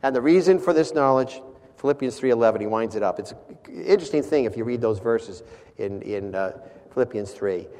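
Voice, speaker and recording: Pastor guy preaching, reads verses out, gets loud then goes real quiet, long church reverb. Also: mid-range voice, moderate pace. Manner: reads scripture aloud and closes in prayer; swings between loud emphasis and quiet, soft passages. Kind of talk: sermon. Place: church sanctuary.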